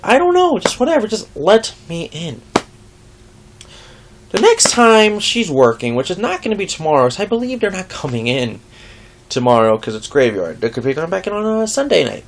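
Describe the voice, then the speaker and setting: A young adult vlogger in a casual rant to camera, animated, swearing a lot and mocking others. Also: mid-range voice, moderate pace, slight background noise.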